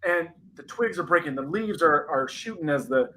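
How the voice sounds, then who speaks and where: A man's voice: on the high side, normal speed, slight background noise, low-quality recording. Man telling a spooky story. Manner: animated storyteller, frequent "like" fillers, dramatic. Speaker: podcast co-host.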